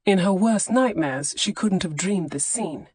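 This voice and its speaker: A woman narrating a historical romance audiobook in a measured, expressive reading on a close studio mic. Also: on the low side, breathy edge, no echo. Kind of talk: scripted narration.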